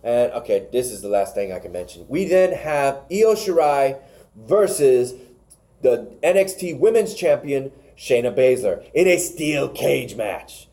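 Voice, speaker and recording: A man's voice: medium pitch, lively intonation, measured pace, dark tone. A man co-hosting a podcast, casually recapping wrestling matches, rambling and stumbling over names. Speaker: podcast co-host.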